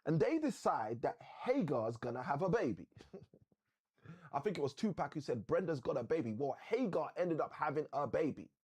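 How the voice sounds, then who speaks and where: Guy hosting a live motivational stream, kinda husky, sermon vibes, a bit higher voice. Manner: animated, preacher-like storytelling with dramatic slow emphasis. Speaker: host of a live session.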